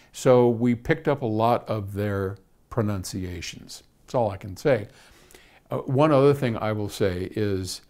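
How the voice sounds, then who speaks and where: A man's voice: medium pitch, darkish tone. An older American man answering a viewer's question in a casual, chatty way, laughing at himself and often restarting his sentences. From United States. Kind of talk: casual video Q&A.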